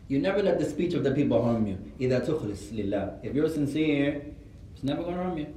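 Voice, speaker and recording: Rapid-fire and fairly high-pitched, this Arabic and Islamic studies teacher has lively intonation and a slightly mellow sound. He tells stories in an informal class, going back and forth between Arabic and English. The echoey classroom is recorded from afar.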